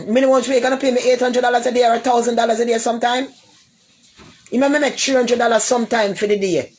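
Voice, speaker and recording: A woman's voice: on the high side, steady tone, quick pace, a little mellow, a little hiss or hum. Jamaican woman ranting on a live stream. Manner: rambling and repetitive, loops back over the same points; combative, trades blunt insults with commenters. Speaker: livestreamer. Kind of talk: casual live-stream rant.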